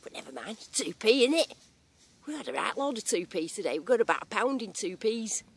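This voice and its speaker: Gravelly and slightly rough, her voice runs on the high side with a sing-song lilt and a slightly fast pace. She is from England and speaks with a strong regional accent, joking casually and using lots of slang as she narrates a metal detecting vlog in a field.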